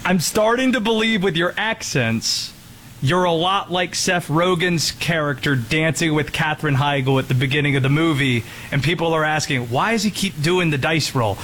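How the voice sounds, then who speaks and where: A man's voice: a little high, moderate pace, fairly bright tone, slight background noise, poor audio. Teasing sports radio man. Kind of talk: sports talk banter. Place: radio studio.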